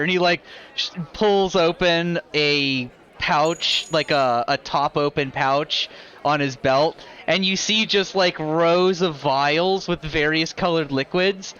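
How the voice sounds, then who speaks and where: A man narrating as dungeon master in a live tabletop game, animated and full of fillers. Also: a little high, slow pace, lo-fi sound.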